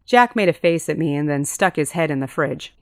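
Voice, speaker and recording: A woman with a fairly low voice reads a first-person audiobook. The sound is dry and close, with no room around it. She lifts her pitch to voice the characters in dialogue. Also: expressive, fairly quick, dry recording. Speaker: audiobook narrator.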